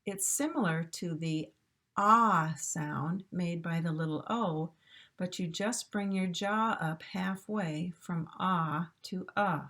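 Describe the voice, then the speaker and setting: Very slow, deliberate woman teaching sounds. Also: lowish voice, a bit bright. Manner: deliberate, repeats each sound and word. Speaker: pronunciation teacher. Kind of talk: slow pronunciation drill.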